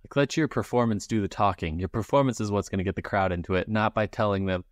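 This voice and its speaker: A man with a lowish voice co-hosts a podcast in casual chat. He rants with exasperation and drops into mimicked hype-man lines. The sound is dry and close. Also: quick pace, no room sound. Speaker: podcast co-host.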